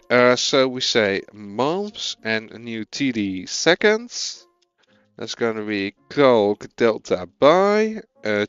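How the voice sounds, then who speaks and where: Dutch-accented man coding and chatting, slow. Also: lowish voice, fairly bright tone, clean tone, no room sound, dull audio. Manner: thinking aloud while typing, chatting with viewers. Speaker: streamer. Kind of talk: casual live coding stream.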